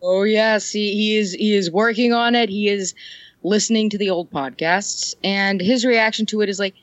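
A woman's voice: medium pitch, steady tone, normal speed, dry recording. A woman hosting a podcast, telling stories in a casual, self-deprecating way. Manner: self-deprecating, chatty storytelling. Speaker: podcast host. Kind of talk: casual chat.

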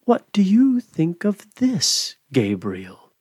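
A man voicing a stern, leering male goblin who questions slowly and menacingly in a storybook reading. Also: high voice, wildly swooping pitch, darkish tone, husky, no echo, clean studio sound, voice pushed up, heavily acted.

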